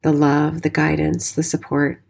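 A woman's voice: low voice, monotone, a little slow, creaky, darkish tone, husky. A woman in her forties, a dance teacher and studio owner, candidly telling her life story and swearing freely. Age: 40s. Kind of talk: personal storytelling monologue.

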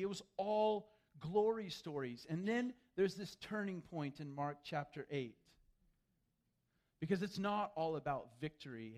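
A man with a high-pitched voice preaches a sermon with lively energy. He acts out the people he quotes as he goes. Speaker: pastor.

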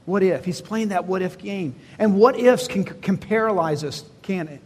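A man with a high-pitched, husky, slightly mellow voice preaches at a moderate pace in a large church hall. Speaking to the congregation like a pastor in conversation, he asks them questions and performs the story's dialogue, giving voice to God and Moses in quotes.

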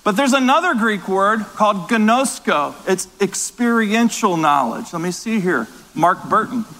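A man with a high voice preaches emphatically to his church. He hammers points home with repetition and quick restarts. His voice rings with the long reverb of a large hall. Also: lively intonation, sharp tone. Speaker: pastor. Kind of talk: sermon.

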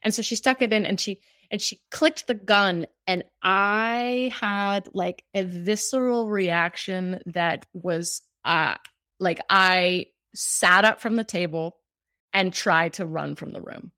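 A woman's voice: mid-range voice, slow, bright, forceful tone, no echo, studio quality. A woman guest telling a personal story in conversation. She speaks in a heartfelt, rambling way, full of fillers. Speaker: cancer survivor guest.

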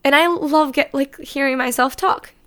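A woman's voice: high-pitched, moderate pace, a bit bright. Candid rambling woman podcast host. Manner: candid, rambling, self-correcting, casual swearing. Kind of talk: unscripted solo podcast monologue.

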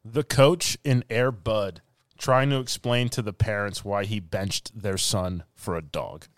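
A man's voice: on the low side, unhurried, no room sound, studio quality. A man hosting a casual improv game, laughing often as he hands out prompts. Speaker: host.

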